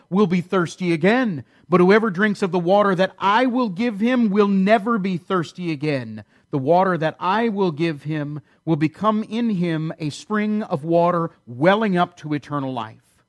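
Male pastor, higher-pitched voice, animated sermon delivery with sarcastic asides. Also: moderate pace.

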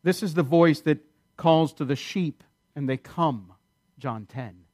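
Male pastor, sermon, fairly high voice, emphatic, repeats key phrases. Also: measured pace, a little mellow.

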